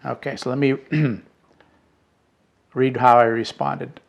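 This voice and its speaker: Middle-aged guy with a gravelly voice, slow and halting, reads letters aloud and mulls them over. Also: mid-range voice, little pitch movement. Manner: slow, halting, with fillers and restarts. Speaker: spiritual podcast host. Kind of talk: reflective reading of letters.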